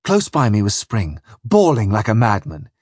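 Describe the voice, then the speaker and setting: A man reading a first-person adventure story aloud with vivid, dramatic storytelling in a husky voice. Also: on the low side, wildly swooping pitch, normal speed, a little mellow, no echo, studio quality. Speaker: narrator.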